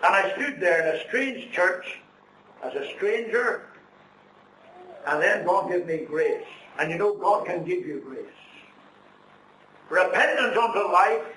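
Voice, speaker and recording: A man's voice: sits high, expressive, unhurried, fairly bright tone. A middle-aged man preaching a sermon, telling his own story earnestly with preacherly emphasis. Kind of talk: sermon testimony. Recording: echoey room, distant mic, faint noise.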